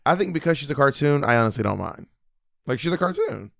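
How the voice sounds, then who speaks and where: A man's voice: a little high, sing-song, quick pace, vocal fry, fairly bright tone, no room sound, studio quality. A man co-hosting a podcast, chatting casually in a theatrical way and tripping over repeated words. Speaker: podcast co-host. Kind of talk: casual chat.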